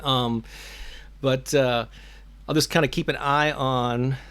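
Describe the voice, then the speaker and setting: A man's voice: mid-range voice, steady tone, slow, fairly bright tone, smooth. A middle-aged man hosting his own channel, chatting casually on a live stream with many fillers and restarts. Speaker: affirmation channel host.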